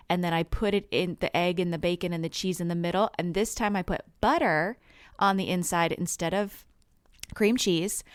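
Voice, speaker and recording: A woman co-hosting a casual podcast, laughing often and giving calm, practical advice. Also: lowish voice, clean tone, no echo, studio quality. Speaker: podcast co-host. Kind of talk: casual chat.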